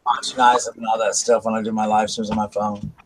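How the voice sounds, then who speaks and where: A man's voice: fairly low pitch, level tone, quick pace, slight background noise, rough recording. A middle-aged man hosting a casual live stream, telling long rambling stories with restarts and asides. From South Carolina, US. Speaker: livestream host. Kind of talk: casual chat.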